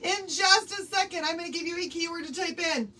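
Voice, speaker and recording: A woman's voice: very high voice, brisk, bright, forceful tone, distant mic, poor audio. A woman hosting a live craft tutorial, chatty and bubbly, greeting viewers by name and laughing often. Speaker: craft livestream host.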